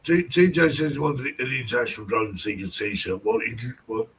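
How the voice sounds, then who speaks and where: A man's voice: mid-range voice, steady tone, fairly quick, fairly bright tone, breathy edge, low-quality recording. A man hosting a live stream, chatting casually and laughing often. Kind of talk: casual chat.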